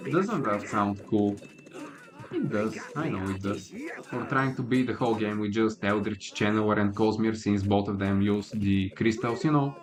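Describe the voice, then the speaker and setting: A man giving casual, opinionated livestream commentary while he plays, with a laid-back manner and lots of filler words. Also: lowish voice. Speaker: gaming livestreamer.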